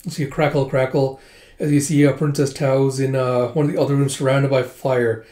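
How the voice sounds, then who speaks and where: A man casually recapping a comic book, relaxed and loose with fillers. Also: mid-range voice, fairly quick. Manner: laid-back, with fillers and laughs. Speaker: comic readthrough host. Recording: roomy echo.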